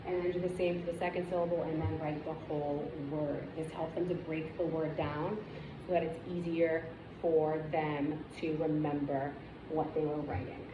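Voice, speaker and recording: A woman reading teacher giving a demonstration lesson, with clear, encouraging, step-by-step instructions and asides to other teachers. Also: low voice, level tone, moderate pace. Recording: echoey room, dull and noisy sound.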